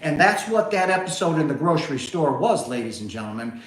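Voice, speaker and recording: A man's voice: a little high, brisk. A man hosting a spiritual livestream, telling a story in a rambling casual monologue full of asides. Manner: rambling, animated, full of asides like "right?" and "okay?". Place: home, on a couch. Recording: echoey room.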